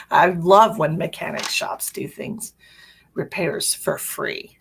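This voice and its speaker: A woman with a slightly low voice talks casually on her livestream and rants with plenty of swearing. She breaks off to answer her viewers' comments, keeping it loose and chatty. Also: slow, creaky, fairly bright tone, slight background noise. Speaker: psychic medium hosting a livestream.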